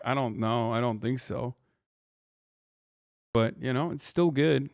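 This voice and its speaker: Streamer guy, smooth clear voice, dry close mic, casual and sweary. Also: medium pitch, a little slow, long pauses, darkish tone, no echo. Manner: casual, profane, offhand. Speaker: streamer host. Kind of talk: casual reaction commentary.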